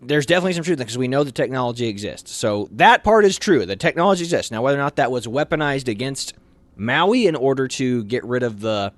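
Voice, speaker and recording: A man's voice: medium pitch, expressive, quick pace, no room sound. A man co-hosting a local morning show, talking through national news in a rambling, conversational way with many restarts. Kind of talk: casual news chat.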